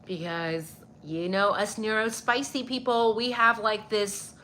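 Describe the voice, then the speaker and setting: A woman's voice: mid-range voice, steady tone, unhurried, sharp tone, a little hiss or hum. A young woman hosting a casual livestream, greeting viewers by name and swearing freely, a little stuffy-nosed. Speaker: livestream host. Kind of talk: casual livestream chat reading viewer comments.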